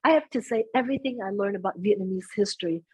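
A woman guesting on a casual podcast conversation, talking in a lively, earnest way with pitch that jumps up when she stresses a point. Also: fast, breathy edge, no echo, poor audio. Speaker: guest, stage emcee.

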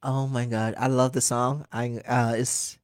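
A man in his twenties from Liberia, a singer talking as a guest in a casual interview, animated and earnest, laughing often. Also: mid-range voice, measured pace, dry recording, clean studio sound. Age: 20s.

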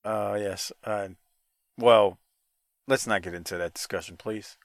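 A man's voice: fairly low pitch, fairly even intonation, measured pace, dry recording. Laid-back man hosting a chat, dry sound. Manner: loose, laughing, profane. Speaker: podcast host. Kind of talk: casual podcast chat.

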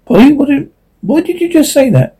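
A man's voice: very high voice, sing-song, moderate pace, warm tone, voice pushed up, full character voice. A man reading the part of a puzzled young woman.

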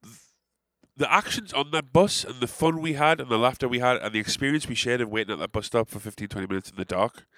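A young Englishman with an English accent tells a story in a loose, rambling way, full of swearing and dry sarcastic asides. His voice sits at a middling pitch for a man. The recording is close and dry, with almost no room sound. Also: fast talker, sharp tone, no room sound. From England. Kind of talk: casual anecdote telling.

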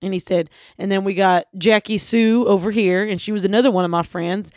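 A woman in her fifties from Kentucky, a comedian guest rambling through deadpan tall tales in an interview. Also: mid-range voice, a little fast, no echo, studio quality. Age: 50s. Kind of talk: deadpan comic interview banter.

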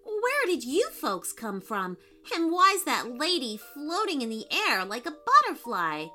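Woman voicing a folksy barefoot farm boy, bright and slow, storybook. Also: high-pitched, wildly swooping pitch, faint music behind, pitched above the performer's own voice, exaggerated voice. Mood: astonished. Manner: folksy hollering drawl. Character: young frontier boy, bare feet, folksy and curious.

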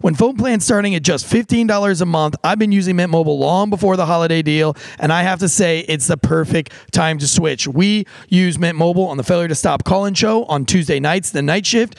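A middle-aged man with a somewhat high, gravelly voice talks loosely on a podcast. He swears freely and wanders off into quick asides. His voice is close and dry, with no room sound. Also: no echo. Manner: profane, rambling, quick asides. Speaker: podcast host. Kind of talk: casual podcast chat with a host-read ad.

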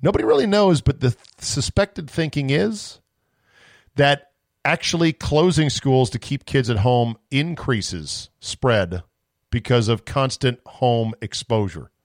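A man's voice: mid-range voice, animated, measured pace, no echo, studio quality. A man hosting a sports podcast, ranting in a sarcastic, exasperated, profane way through an opinionated solo monologue.

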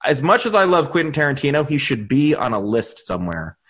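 A man's voice: fairly high pitch, sing-song, a little fast, fairly bright tone, breathy edge. A man co-hosting a podcast in casual chat, rambling and restarting his sentences, laughing often. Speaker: podcast co-host.

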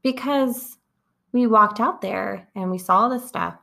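A woman's voice: on the high side, slow pace, vocal fry, bright, forceful tone. A woman co-hosting a podcast in casual chat, rambling along with lots of "like". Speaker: podcast co-host.

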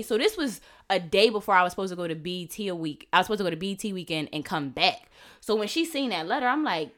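Bright-voiced young woman podcast guest. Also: medium pitch, expressive, quick pace. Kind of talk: casual podcast chat.

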